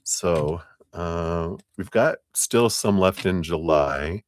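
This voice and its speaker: A man doing a live-stream tarot reading in a relaxed, rambling way, with a lot of fillers, pausing to thank viewers by name. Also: deep voice. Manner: loose, rambling delivery with many fillers. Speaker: tarot reader.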